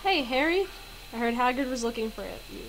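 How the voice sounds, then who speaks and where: Woman reading cheeky young male wizard sidekick, plain reading, slightly high voice. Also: expressive, brisk, noisy background. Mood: friendly.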